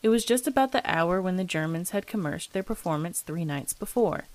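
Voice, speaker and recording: A woman narrating a classic ghost story as the host of a reading show, in a measured, steady manner. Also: on the low side.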